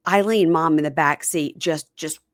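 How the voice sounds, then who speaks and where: A woman's voice: low voice, moderate pace, dry recording, studio quality. A woman hosting a podcast, recapping a reality show in casual chat and acting out the people's lines as she tells it. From Southern United States. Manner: animated storytelling, acting out quotes. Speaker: podcast host.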